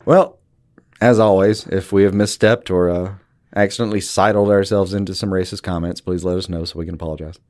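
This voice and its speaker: A man's voice: deep voice, steady tone, fairly quick, a little mellow, dry recording, clean studio sound. A man co-hosting a podcast in casual chat, rambling and hesitant, joking around. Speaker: podcast co-host.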